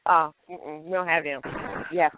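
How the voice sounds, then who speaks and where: A woman's voice: low voice, normal speed, a little hiss or hum. A woman hosting a casual chat show, telling stories with frequent laughter. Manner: laughs often, animated storytelling. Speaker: host. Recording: tinny phone line.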